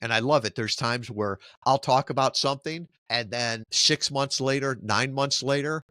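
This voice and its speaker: A middle-aged man answering interview questions in a lively, storytelling way, often checking in with "right?". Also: mid-range voice, moderate pace, no echo, studio quality. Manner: animated storyteller who keeps asking "right?". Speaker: podcast guest, marketing company founder.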